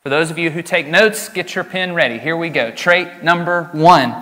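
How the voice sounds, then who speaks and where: Bright-voiced pastor in a church hall. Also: male voice, a little high, lively intonation, moderate pace, hardly any pauses. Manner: earnest and emphatic, speeding up when explaining. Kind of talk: sermon with scripture reading. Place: church sanctuary.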